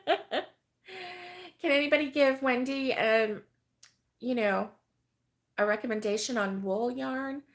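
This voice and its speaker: Speaking slowly with long pauses, this host of a crochet live stream has a voice that sits high. She's a middle-aged woman from the United States who rambles through a casual chat full of fillers, often laughing while reading comments from viewers.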